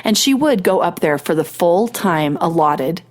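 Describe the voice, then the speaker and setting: A woman's voice: fairly low pitch, animated, moderate pace. A middle-aged woman hosting a podcast, telling a personal story in casual chat with quoted dialogue and self-mocking asides, getting over a cold. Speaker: podcast host.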